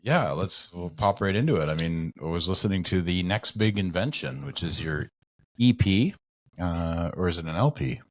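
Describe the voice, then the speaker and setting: A man's voice: deep voice, animated, moderate pace, no echo. A man co-hosting a casual podcast, talking in a loose, hesitant way with many fillers. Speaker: podcast co-host.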